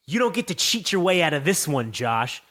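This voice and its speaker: Casting: man playing swaggering wrestler, taunting and scolding, lively delivery. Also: on the high side, brisk. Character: mocking tough male wrestler from the late 1990s.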